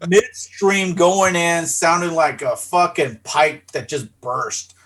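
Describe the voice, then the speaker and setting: A middle-aged man co-hosting a podcast, telling a rowdy story in a casual, profane and animated way. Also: a little high, slow pace. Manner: animated, profane, acts out his own voice in quotes. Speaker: podcast co-host.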